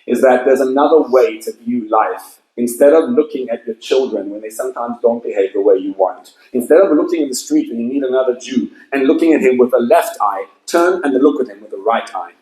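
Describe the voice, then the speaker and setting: A man's voice: mid-range voice, fairly quick, darkish tone, reverberant, rough recording. Passionate man preaching a sermon. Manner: passionate, emphatic storytelling. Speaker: rabbi. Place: event hall with audience.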